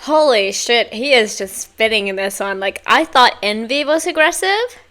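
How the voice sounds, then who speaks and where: A woman's voice: fairly high pitch, animated, moderate pace, sharp tone. A young woman hosting a music reaction, gushing with exclamations and chatty fillers. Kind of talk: casual reaction commentary. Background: faint music playing.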